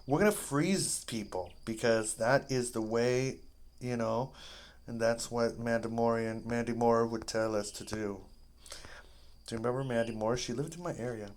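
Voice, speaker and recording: A gaming host rambling through casual commentary, joking around and breaking into high-pitched yelps when things go wrong. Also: moderate pace, a little mellow. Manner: jokey, playful asides.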